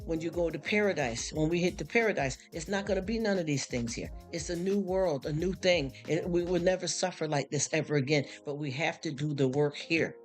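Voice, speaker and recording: A live streamer, tired after a long work shift, rambling through a casual faith talk and often asking "you understand?". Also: medium pitch. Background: faint background music.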